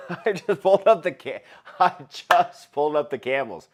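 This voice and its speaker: A man's voice: fairly high pitch, sing-song, normal speed. A man hosting a casual live stream, chatting with viewers, greeting them by name and running giveaways. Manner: chatty, reads out viewer names and shouts greetings. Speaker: livestream host.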